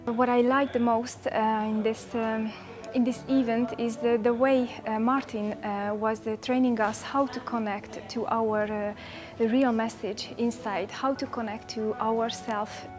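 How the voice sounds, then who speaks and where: A woman speaks about a workshop she attended, halting often with fillers. Her voice is somewhat high and stays very flat in pitch, and clear music plays behind her. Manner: hesitant, many fillers. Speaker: workshop participant. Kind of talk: testimonial.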